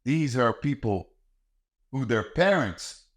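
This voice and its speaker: A man's voice: medium pitch, expressive, slow pace. A middle-aged man hosting a podcast, talking in a blunt, heated and profane monologue about raising kids. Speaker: podcast host and martial arts coach. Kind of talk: ranting monologue.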